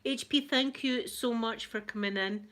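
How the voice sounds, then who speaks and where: A woman's voice: a little high, a little slow, fairly bright tone. A middle-aged woman with a Scottish accent, hosting a casual chat with viewers and reading out their comments. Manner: chatty, reads out viewer comments, laughs often. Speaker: ASMR livestream host.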